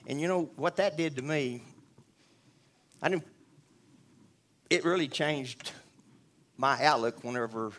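A man's voice: mid-range voice, slow, pauses often, fairly bright tone. A man giving a rambling, earnest spoken testimony to a church audience, full of restarts and asides.

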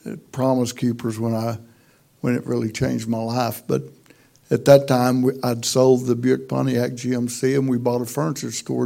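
Folksy gravelly Texan man preaching. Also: medium pitch, mellow. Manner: folksy, self-deprecating, humorous. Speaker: pastor. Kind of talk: sermon storytelling.

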